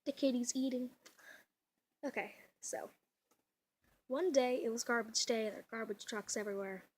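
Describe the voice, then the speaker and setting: Breathy young woman chatting on camera. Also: fairly high pitch, moderate pace. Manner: chatty, giggly, rambling with many fillers. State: voice a little off. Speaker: vlogger. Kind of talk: casual home vlog. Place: at home indoors. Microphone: camera mic.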